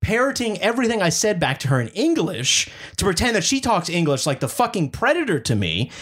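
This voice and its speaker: A man's voice: high voice, big pitch swings, brisk, fairly bright tone. A man casually telling a profane story from his job as a store manager. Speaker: video game store manager.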